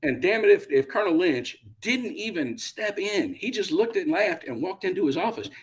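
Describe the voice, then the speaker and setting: A man's voice: high voice, normal speed. A middle-aged man, a retired Army pilot, telling stories in a casual interview and acting out the quotes. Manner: animated, acts out quotes with bursts of loudness.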